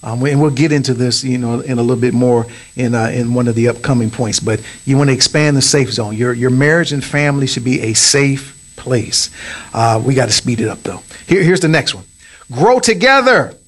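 A man's voice: medium pitch, a little fast. A man preaching on marriage as pastor, with emphatic lines that rise on key points. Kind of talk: sermon on marriage.

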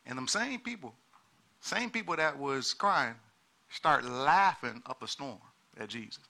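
A man preaching a sermon in an animated way, repeating words and acting out the people he quotes. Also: medium pitch, a little slow.

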